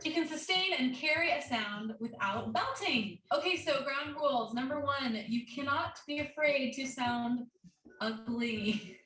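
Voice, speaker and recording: A woman's voice: on the high side, fairly bright tone. A woman guest voice coach teaching an online singing lesson in an upbeat way, demonstrating odd sounds. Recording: roomy, distant mic with faint noise.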